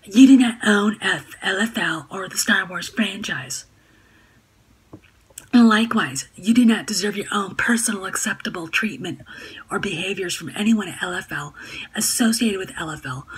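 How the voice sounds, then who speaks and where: A woman's voice: mid-range voice, moderate pace, breathy edge, low-quality recording. A woman putting on a snarky, preachy voice for a scolding woman, sneering and lecturing as she reads aloud. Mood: mocking.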